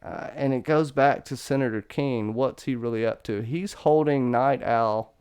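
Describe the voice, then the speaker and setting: Guy hosting a loose show chat on a call, smooth resonant voice, jokey, cusses. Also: medium pitch, measured pace. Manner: animated, laughs often, swears casually. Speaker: podcast host. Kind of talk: casual discussion on a video call.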